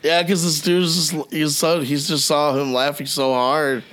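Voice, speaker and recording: A middle-aged man co-hosting a podcast, telling animated stories in casual chat, swearing freely and acting out what people said. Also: fairly high pitch, a little slow. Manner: animated storyteller, swears freely, acts out quotes. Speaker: podcast co-host.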